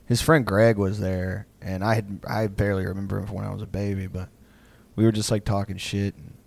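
A man's voice: fairly low pitch, flat delivery, brisk, creaky, a little mellow. A man telling a rambling, profane comedic story in casual chat, acting out the people in it. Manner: profane, rambling, acts out quoted voices.

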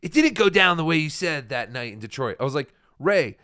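A man co-hosting a live show, talking in an animated, emphatic and sarcastic way. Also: a little high, a little fast, dry recording, clean studio sound. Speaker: podcast co-host. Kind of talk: casual live-stream banter.

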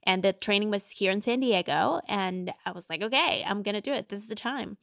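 A woman guest speaks with lots of enthusiasm and a casual flow. Her voice has a lot of gravelly fry. The sound is very dry. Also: medium pitch, fairly quick, fairly bright tone, no room sound. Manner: enthusiastic, many likes. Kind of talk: casual interview storytelling.

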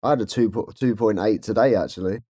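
A man co-hosting a podcast, telling stories in a casual, animated way and laughing often. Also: fairly low pitch, quick pace, breathy edge, no echo, studio quality. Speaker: podcast co-host. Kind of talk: casual chat.

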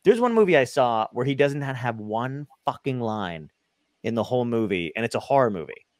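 A man talking casually on a podcast from home, his pitch jumping around as he gets worked up. He swears a lot and laughs easily. The sound is close and dry. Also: brisk, no echo. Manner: profane, animated, laughing often. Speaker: podcast co-host. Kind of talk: casual chat. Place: home, on a video call.

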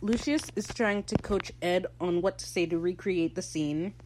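A woman hosting a podcast, recapping a TV episode in casual, opinionated talk and slipping into quick character voices. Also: fairly low pitch, noisy background. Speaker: podcast host.

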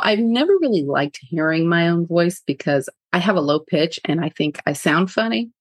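A woman hosting her own podcast, telling a personal story in a frank, animated way and laughing often. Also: mid-range voice, no echo. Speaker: podcast host.

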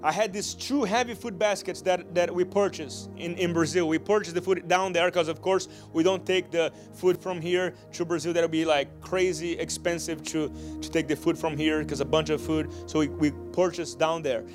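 A man preaching a sermon, telling a story with earnest repeated restarts and building to shouted lines. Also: a little high, fairly even intonation, normal speed, few pauses, music in the background. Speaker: pastor.

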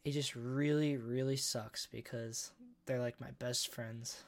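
A man's voice: medium pitch, fairly even intonation, slow pace, gravelly. A young man on a podcast, chatting casually with lots of fillers and swearing. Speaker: podcast co-host. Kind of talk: casual chat.

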